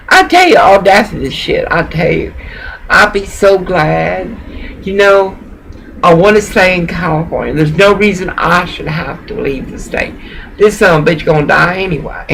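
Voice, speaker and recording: Gravelly high-voiced preaching man. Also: lively intonation, moderate pace, fairly bright tone, slight background noise, low-quality recording. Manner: rambling, profane, lecturing someone directly. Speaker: pastor. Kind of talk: profane preaching rant.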